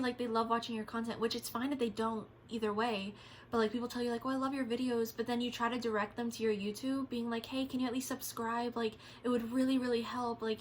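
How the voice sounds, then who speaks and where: A young woman speaking casually in a vlog, her voice sitting a bit on the high side. She rambles and vents openly, with plenty of "like" and "um". A faint hiss runs under the recording. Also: a bit bright. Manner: candid, rambling, vents frustration with frequent fillers. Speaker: vlogger. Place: at home.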